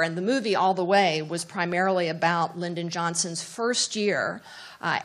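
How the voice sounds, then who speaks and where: A middle-aged woman professor speaks at a seminar in a somewhat low voice. She tells an anecdote in a lively way, with fillers and small restarts along the way. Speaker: professor of presidential studies. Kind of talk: seminar talk, storytelling.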